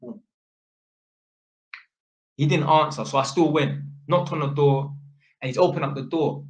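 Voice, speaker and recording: A man's voice: a little high, measured pace. A man telling a story in casual, sweary street slang, an electrician chatting to camera. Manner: slangy and sweary, full of innit and fam. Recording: echoey room.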